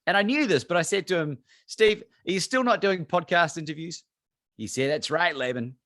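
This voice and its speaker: Animated Australian man telling a story. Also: fairly high pitch, normal speed, no echo, studio quality. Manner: animated storyteller acting out both sides of phone calls. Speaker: guest speaker, courage coach. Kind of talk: storytelling talk on a video call.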